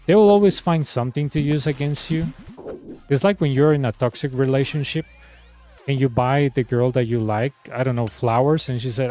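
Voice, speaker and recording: A man's voice: medium pitch, moderate pace, a little mellow. A man with a Spanish accent, a game streamer ranting in sarcastic, exasperated commentary. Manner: sarcastic, exasperated, repeats himself.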